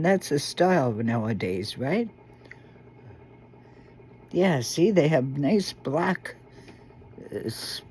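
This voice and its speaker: An older woman talking casually to her viewers in a halting, rambling way, full of fillers and restarts. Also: a bass voice, dark tone, breathy edge. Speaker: vlogger.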